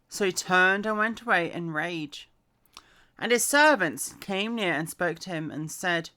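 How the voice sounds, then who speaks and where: Woman reading scripture aloud, slow, bright, casual asides and slips. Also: on the low side, expressive. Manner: chatty asides, fillers and self-corrections. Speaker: reader.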